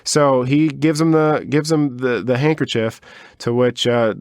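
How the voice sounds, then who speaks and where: A man's voice: mid-range voice, steady tone, measured pace, clear, resonant tone, no echo, studio quality. A man co-hosting a podcast, telling a story in a rambling, wry way with lots of fillers and asides. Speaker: podcast co-host. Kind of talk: casual storytelling chat.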